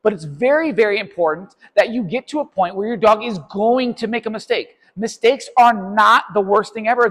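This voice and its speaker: High-voiced man explaining dog training. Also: a bit bright, long reverb tail, rough recording. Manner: explanatory, tags points with "right?" and "okay?". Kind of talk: instructional training video.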